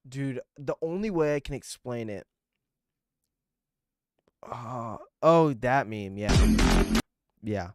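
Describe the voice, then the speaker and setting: A man's voice: mid-range voice, animated, takes it slowly, pauses often, music in the background. A young man streaming and chatting loosely with viewers, swearing and getting irritated as he rambles. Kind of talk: casual livestream chat with viewers.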